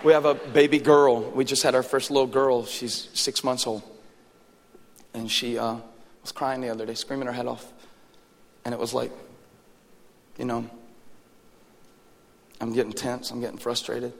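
A man in his thirties, a pastor preaching a sermon, telling stories in an animated way that swings from hushed asides to loud exclaims. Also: medium pitch, normal speed, gravelly, long pauses, slight background noise. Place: church sanctuary. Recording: reverberant church hall with faint music.

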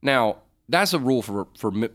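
A man's voice: mid-range voice, lively intonation, moderate pace, a bit bright. A middle-aged man co-hosting a casual faith advice chat, joking and rambling as he answers listener questions. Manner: joking, rambling, self-correcting.

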